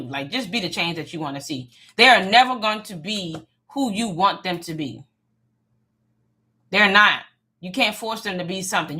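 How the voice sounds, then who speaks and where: Bright, sassy woman livestreaming faith advice. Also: medium pitch. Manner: sassy, emphatic, preachy with laughs and asides to viewers. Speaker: livestream host giving life advice. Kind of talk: casual faith-based livestream talk. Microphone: phone or webcam livestream.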